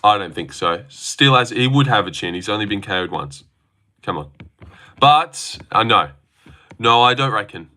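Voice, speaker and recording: A man's voice: on the low side, animated, normal speed, sharp tone. A young man on a live stream, reading and answering chat with sarcastic, argumentative, swear-filled talk.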